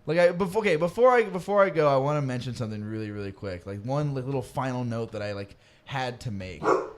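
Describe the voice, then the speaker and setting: A young man hosting a podcast, telling rambling, animated stories between friends and swearing freely. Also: medium pitch, fast talker. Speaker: podcast host. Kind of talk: casual chat.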